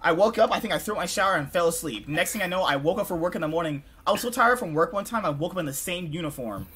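A man's voice: high voice, animated, quick pace, bright, forceful tone, slightly rough. A young man from California hosting a podcast, rambling and joking in casual chat, often breaking into laughter. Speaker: podcast host.

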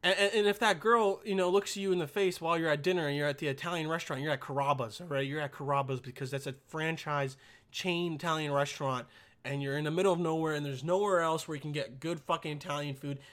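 A young man hosting a podcast in a casual, rambling monologue, swearing constantly and swinging between mumbles and loud outbursts. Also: fairly high pitch, fairly even intonation, fast. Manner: profane, rambling, jokey. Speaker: podcast host.

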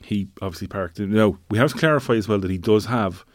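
A man's voice: fairly low pitch, fairly quick, dry recording, clean studio sound. A man co-hosting a casual chat show, talking conversationally with wry asides and plenty of fillers. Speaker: podcast co-host.

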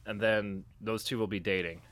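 A man co-hosting a casual improv comedy chat, quick and playful, swearing casually. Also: on the low side, fairly even intonation, a bit bright. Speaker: improv podcast co-host.

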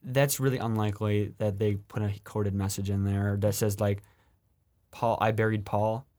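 A man in casual chat who reasons things through in a quick, skeptical way. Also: on the low side, flat delivery, dark tone.

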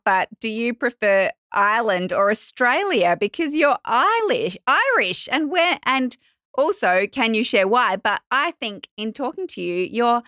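A woman's voice: medium pitch, sharp tone, no echo. A woman hosting a podcast with a mid-range voice and a dry, close sound. She asks her questions casually and reacts to answers with frequent exclamations. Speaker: podcast host. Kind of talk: casual interview chat.

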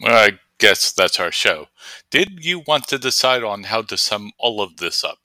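A man hosting a comedy podcast, talking in a deadpan, playful way. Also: lowish voice, normal speed, no echo. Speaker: podcast host.

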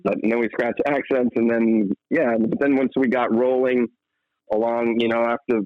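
A man's voice: mid-range voice, normal speed, no echo. Young male actor guest, laid-back and rambling, lo-fi recording. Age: young adult. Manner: relaxed, rambling, laughs often. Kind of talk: casual interview talk.

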